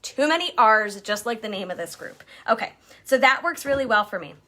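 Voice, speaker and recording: A woman's voice: on the high side, expressive, fairly quick, sharp tone. A woman leading a direct-sales team, giving a chatty motivational coaching talk and acting out quotes in jumpy voices.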